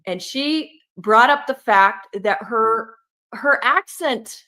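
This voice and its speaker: A woman with a fairly high voice co-hosts a livestream. She talks in a lively, conversational way and leans hard on her points. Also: takes it slowly. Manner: animated, conversational, emphatic. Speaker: livestream co-host. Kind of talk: casual commentary.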